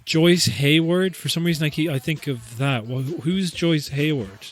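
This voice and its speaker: A man's voice: on the high side, measured pace, soft background music. A man hosting a podcast, riffing in a profane, rambling, joking way with frequent laughs. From Ireland. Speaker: podcast host. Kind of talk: comedic rambling chat.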